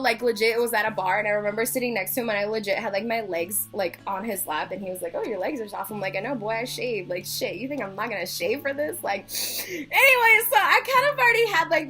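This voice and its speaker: Young woman vlogger, high bright voice, faint music underneath, chatty storytelling. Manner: chatty, fillers of "like", acts out quotes. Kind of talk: casual storytelling.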